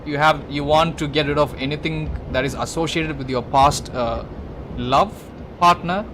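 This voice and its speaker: A man's voice: fairly high pitch, moderate pace, background noise. A man on a gaming livestream, retelling a film plot casually, rambling with many restarts and swearing. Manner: rambling, lots of restarts and swearing, talks to the listener directly.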